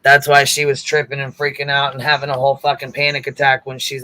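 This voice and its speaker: A man chatting on a casual live call who gossips in an animated, profane way. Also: mid-range voice, quick pace, no echo.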